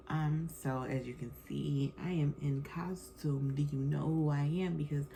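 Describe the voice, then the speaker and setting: A woman's voice: sits low, vocal fry, mellow, slight background noise, low-quality recording. Chatty woman podcast host, loose slang. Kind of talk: casual chat.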